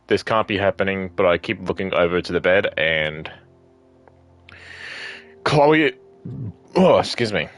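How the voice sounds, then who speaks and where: A man's voice: low-pitched, dry recording. A young man streaming a story game, reading dialogue and journal text aloud between jokes and swearing. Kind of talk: casual gameplay commentary and reading dialogue aloud.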